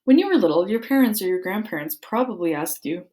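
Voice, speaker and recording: A woman's voice: mid-range voice, lively intonation, quick pace, dark tone. A woman reading a children's book aloud, playfully acting out the sound words. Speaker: book reader.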